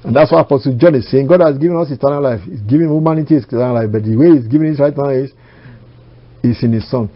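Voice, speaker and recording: A man preaching a sermon, emphatic, slowing down to quote scripture and rising on key phrases. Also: mid-range voice. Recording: dull lo-fi recording.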